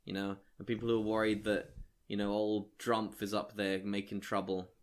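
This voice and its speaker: A man co-hosting a comedy review podcast, talking hesitantly and deadpan in casual chat. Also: on the low side, moderate pace. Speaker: podcast co-host.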